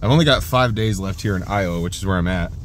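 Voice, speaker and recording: A deep-voiced young man talks at a quick pace in a casual vlog, a little hiss or hum audible behind him. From outdoors and his car, he rambles on, swearing and joking about himself.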